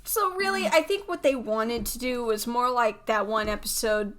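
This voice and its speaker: A woman co-hosting a podcast in casual conversation. She is animated and exclamatory, and her voice sits fairly high. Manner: animated, exclamatory, quick to laugh. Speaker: podcast co-host. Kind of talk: casual chat.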